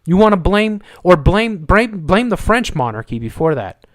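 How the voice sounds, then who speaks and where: A man's voice: high-pitched, sing-song, normal speed, fairly bright tone, no echo, clean studio sound. A man hosting a live show, ranting in a heated, argumentative way and swearing as he repeats his points. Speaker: host of a live commentary show. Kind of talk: heated political rant.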